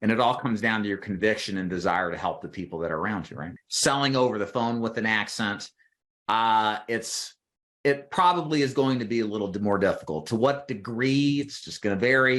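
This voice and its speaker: A man's voice: lowish voice, a bit bright. A man who trains insurance agents, talking through sales advice in a loose, conversational way and often checking in with "right?". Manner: conversational, frequent "right?" and "you know" tags. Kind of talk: casual advice monologue.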